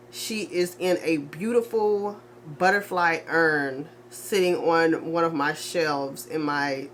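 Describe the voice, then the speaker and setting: A grieving young woman in a confessional vlog, speaking in halting, repetitive bursts with heavy sighs and restarts. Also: deep voice, fairly bright tone, a little hiss or hum. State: grieving, low and emotional. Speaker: vlogger.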